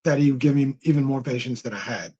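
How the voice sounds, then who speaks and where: A blunt, husky-voiced man chats on a live Q&A stream and repeats himself to drive a point home. His breathy voice comes through dull, lo-fi stream audio. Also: medium pitch, quick pace, dark tone. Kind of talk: casual live-stream chat.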